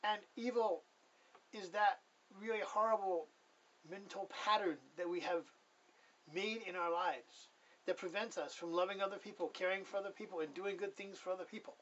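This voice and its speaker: A man's voice: sits high, fairly even intonation, normal speed, a bit bright, recorded from a distance, highs cut off. A man telling his personal testimony in a casual, rambling way. He corrects himself often and chuckles as he goes.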